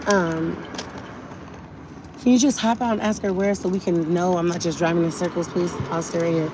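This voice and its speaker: A woman's voice: fairly low pitch, fairly even intonation, normal speed, noisy background. A woman talking urgently and indignantly to her viewers on a live stream from a car, often repeating herself. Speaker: livestreamer.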